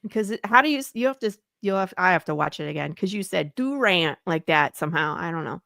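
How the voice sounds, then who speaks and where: A woman's voice: fairly low pitch, fast, gravelly, fairly bright tone, no room sound, clean studio sound. A woman hosting a casual chat show, bubbly and teasing, laughing often. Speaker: podcast host.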